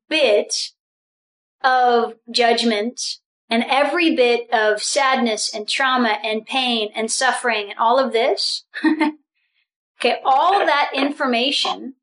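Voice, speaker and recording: High-voiced, animated woman spiritual teacher. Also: rough recording. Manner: animated and laughing often, restarts phrases. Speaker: spiritual group facilitator. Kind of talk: guided spiritual group session.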